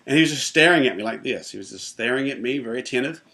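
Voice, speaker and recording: Bright-voiced pastor telling a lively story. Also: male voice, medium pitch, quick pace, vocal fry. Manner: animated, acts out the voices in his story. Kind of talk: storytelling personal testimony.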